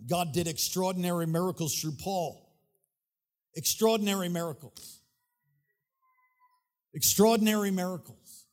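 Fervent high-voiced male preacher. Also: normal speed, pauses often, darkish tone. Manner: fervent preaching, sing-song cadence, repeats phrases. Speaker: pastor. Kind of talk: sermon. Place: church sanctuary. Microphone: handheld or stage mic.

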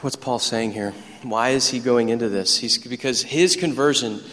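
Excitable preacher in an echoey hall. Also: male voice, mid-range voice, moderate pace, few pauses. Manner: animated, storytelling preacher who gets excited. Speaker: pastor. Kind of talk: sermon. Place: church sanctuary.

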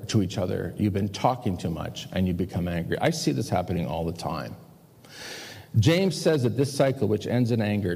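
A man's voice: fairly low pitch, mellow, husky, big-room sound. A male pastor preaching a practical sermon in a conversational way, asking the congregation rhetorical questions. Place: church sanctuary.

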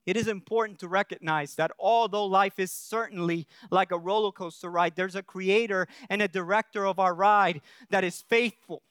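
A man's voice: high voice, fairly even intonation, normal speed, few pauses, fairly bright tone, clean tone, dry recording, studio quality. A male pastor preaching a sermon in an earnest way, often checking in with the congregation and restarting his phrases.

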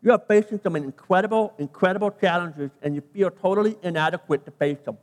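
This sermon comes from a fast-talking British pastor whose high-pitched voice echoes with long reverb around a large hall. Emphatic, he hammers his points home by repeating key phrases and stretching out words.

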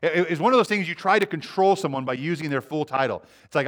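A man preaching a sermon as pastor, earnest, letting his sentences fall to a quiet hush. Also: a little high, animated, fast, hardly any pauses. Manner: earnest, often dropping to a quiet hush at phrase ends; repeats words as he restarts.

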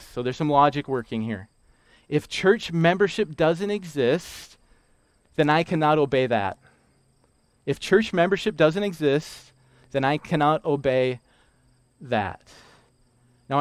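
A man preaching a sermon, emphatic, repeating key lines slowly for weight. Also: on the high side, clear, resonant tone, no room sound. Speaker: pastor.

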